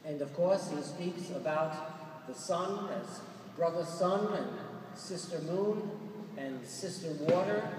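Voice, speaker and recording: A man's voice: high voice, slow, a little mellow. A man from Brooklyn with a Brooklyn New York accent, a Franciscan friar giving a humorous conference talk and laughing at his own jokes. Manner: joking storyteller, laughs at his own lines. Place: large church or conference hall. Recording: echoey hall from far off, noisy.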